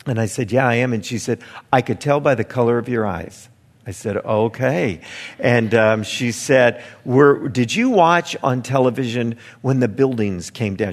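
A man's voice: mid-range voice, long reverb tail. A male missionary giving a conversational spoken testimony, retelling events with quoted dialogue and a wry sense of humor.

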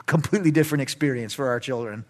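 A middle-aged man preaching a sermon, moving from shouted lines to soft, laughing asides. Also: medium pitch, quick pace. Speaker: pastor.

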